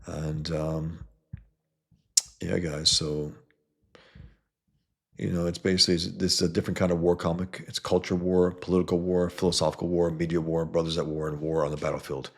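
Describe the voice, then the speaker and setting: This comic book creator's low voice stays fairly flat in pitch at a normal speed as he reviews his own work in a casual vlog. He speaks bluntly and emphatically, swearing freely and repeating words often.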